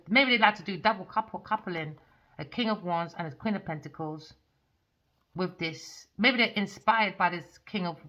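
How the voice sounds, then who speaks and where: A woman with a fairly low, sharp-toned voice rambles through a tarot reading, swearing bluntly and venting along the way. Her manner is profane and ranting, and the recording is dull and lo-fi.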